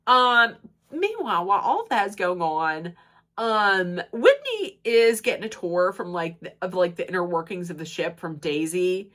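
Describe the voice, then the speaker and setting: A woman's voice: fairly low pitch, measured pace. A woman recapping a reality show episode in a gossipy, casual way, acting out the cast's quotes, with a stuffed-up nose. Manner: gossipy, acts out quotes in animated voices. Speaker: recap commentator.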